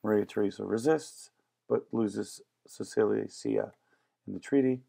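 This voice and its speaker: A man's voice: lowish voice, measured pace, creaky, dark tone. A man teaching a history lesson in a casual, joking lecture style. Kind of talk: classroom lecture.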